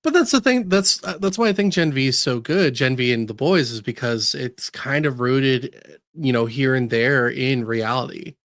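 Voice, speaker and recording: A man's voice: mid-range voice, moderate pace, a bit bright, no room sound. Casual, teasing man in dry podcast banter. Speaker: podcast co-host. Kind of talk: casual chat.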